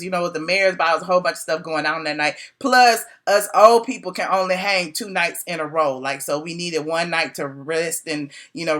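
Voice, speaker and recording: A middle-aged woman blogger spilling gossip to her viewers in casual speech, acting out quotes in a high voice and laughing often. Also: fairly bright tone. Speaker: blogger doing a live video.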